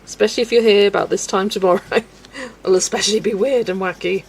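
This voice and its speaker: A woman's voice: medium pitch, steady tone, fast, slight background noise, low-quality recording. A woman hosting a colouring live stream, chatting casually with viewers and giggling often. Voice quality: gravelly creak in the voice. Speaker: colouring livestream host.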